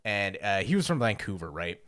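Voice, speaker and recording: A man co-hosting a podcast, telling a story in casual chat, lively and swearing often, with loud outbursts. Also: fairly low pitch, fairly quick. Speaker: podcast co-host. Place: lives in Japan.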